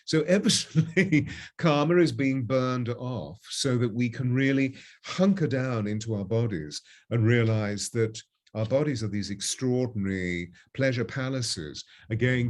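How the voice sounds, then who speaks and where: A man speaking as a spiritual guest on a live call-in show, effusive and flowery, calling callers darling. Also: mid-range voice.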